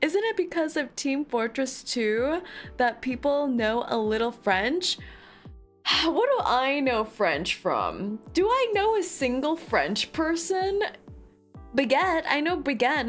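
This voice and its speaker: Fields: Sex: woman. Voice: high, animated. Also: slow pace, faint music behind. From United States. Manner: giggly, animated, chatting to viewers. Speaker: streamer. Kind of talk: casual livestream chat.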